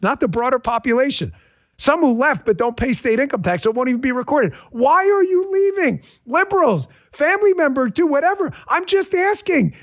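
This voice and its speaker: A man hosts a political talk show in a sarcastic, ranting monologue. His voice sits very high for a man and swoops around a lot. He keeps hammering the same punchlines and calls out to his crew and listeners. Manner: talks straight to his audience and crew.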